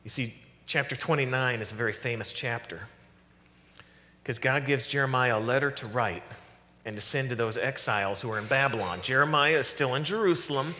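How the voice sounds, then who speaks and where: A man preaching a sermon as pastor, animated and conversational, acting out quoted voices as he goes. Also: mid-range voice, a little fast, in a large hall. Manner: animated preaching, acts out voices of God and the prophets. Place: church sanctuary.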